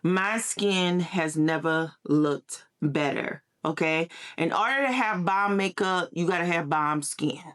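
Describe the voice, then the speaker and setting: A woman's voice: fairly low pitch, takes it slowly, few pauses, fairly bright tone. A woman talking in a sassy, emphatic commentary style, often repeating her points. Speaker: social media commentator. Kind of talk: casual gossip commentary.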